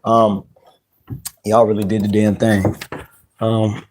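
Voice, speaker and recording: A man hosting a casual live stream, greeting viewers by name in relaxed slang. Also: lowish voice, slow, a little hiss or hum. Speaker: channel host.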